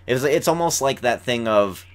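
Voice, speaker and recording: A man's voice: mid-range voice, moderate pace. A young man hosting a casual podcast chat, rambling through an episode recap with lots of "like.". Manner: rambling, says "like" often, animated retelling. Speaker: podcast host.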